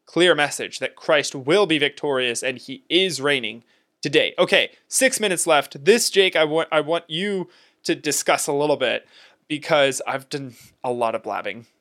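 A man co-hosting a casual theological discussion podcast, talking in an emphatic, animated way and laughing often. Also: a little high, moderate pace. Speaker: podcast co-host.

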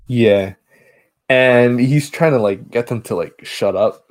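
Male podcast co-host, mid pitch, dead dry sound, loose rambling plot recap. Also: no echo. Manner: rambling retelling with quick acted quotes. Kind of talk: casual movie recap chat.

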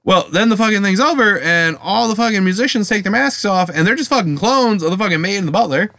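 A man's voice: sits high, lively intonation, quick pace, sharp tone, dry recording. A young man co-hosting a podcast at home, rambling and swearing as he retells a show and acts out the scenes in voices. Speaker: podcast co-host. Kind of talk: casual chat.

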